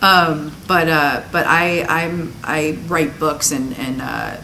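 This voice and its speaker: A woman, an actress and author, chatting in a bubbly, animated way during a press interview. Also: low-pitched, slight background noise, poor audio. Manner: bubbly, animated, quick to laugh. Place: convention venue.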